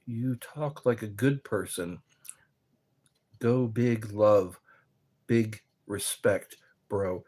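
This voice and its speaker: Man, livestream host, very slow talker, lively up-and-down voice, reads chat aloud, playful asides. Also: mid-range voice. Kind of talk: casual livestream chat, reading viewer comments aloud.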